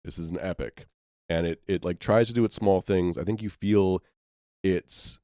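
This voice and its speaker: Deep-voiced male co-host, easygoing ramble, dry close recording. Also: normal speed, a little mellow, no room sound. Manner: rambling, many fillers. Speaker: podcast co-host. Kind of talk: casual movie review chat.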